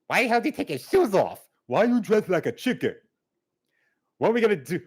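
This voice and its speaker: A man's voice: high-pitched, big pitch swings, fairly quick, slightly rough, voice pushed up, exaggerated voice. A man voicing a bumbling male burglar dressed as Santa, coaxing and then panicking. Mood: frantic. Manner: wheedling then panicky, shouting orders.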